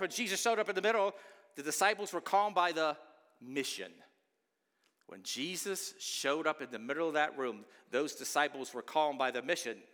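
A man preaching an Easter sermon as a pastor, swinging into loud pleading outbursts between quieter stretches. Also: fairly high pitch. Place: church sanctuary. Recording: long church reverb.

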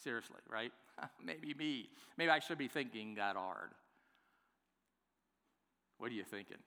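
A man preaching a sermon as pastor, playful and lively, acting out the excuses people give. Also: mid-range voice, a little slow, long reverb tail. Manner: lively, playful, acts out congregants' replies. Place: church worship center.

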